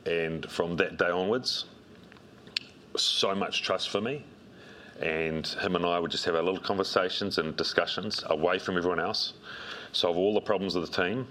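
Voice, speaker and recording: A middle-aged man, a coach telling relaxed anecdotes in an interview, with plenty of ums and restarts. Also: sits low, unhurried, a little hiss or hum. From New Zealand. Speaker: strength and conditioning coach, guest. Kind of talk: interview storytelling.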